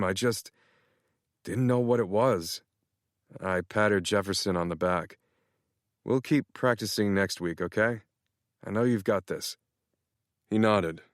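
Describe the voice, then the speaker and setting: Lower-voiced male audiobook narrator. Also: no echo, clean studio sound. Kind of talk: first-person audiobook narration.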